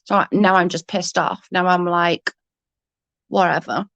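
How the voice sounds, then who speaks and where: A woman's voice: fairly low pitch, fairly even intonation, measured pace, fairly bright tone, no room sound, highs cut off. A young adult woman ranting heatedly in casual chat, swearing often and restarting her sentences. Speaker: livestream guest.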